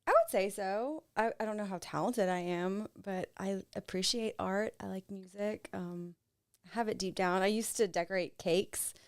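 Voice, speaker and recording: A woman, speaking as a guest in a soft-spoken, hesitant way that often trails off. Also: mid-range voice, moderate pace, no room sound, studio quality. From South Louisiana, USA. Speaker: guest, business owner. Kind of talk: casual interview chat.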